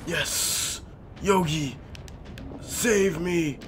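A young man giving let's play commentary on a game, excitable and pleading loudly with his in-game pet bear. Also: fairly high pitch, drawn-out words, background noise. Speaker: gaming YouTuber.

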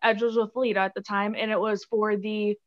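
A woman's voice: mid-range voice, flat delivery, a little fast, muffled recording. A young woman from Chicago, a guest on a podcast, chatting casually and giggling, with many "like"s and "um"s. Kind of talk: casual interview chat.

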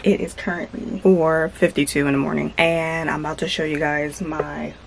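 A young woman talking casually through her home workout routine, keeping her voice hushed in the early morning. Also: sits low, little pitch movement, normal speed, gravelly, slight background noise, poor audio. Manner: hushed and soft, trying not to wake others. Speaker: fitness vlogger. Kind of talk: casual vlog narration.

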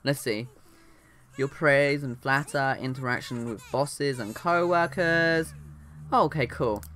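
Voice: mid-range voice, slow, fairly bright tone, slight background noise. Chatty young gamer, rambling. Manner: chatty, rambling, talks to game characters, often trails off. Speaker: let's play gamer. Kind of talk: casual gameplay commentary.

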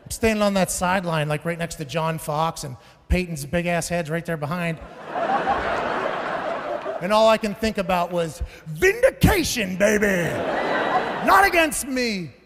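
A man in his thirties doing a stand-up comedy set, telling stories loudly with profane, shouted bursts. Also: on the high side, normal speed, long pauses, background noise. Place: large venue on stage. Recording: live hall with long reverb.

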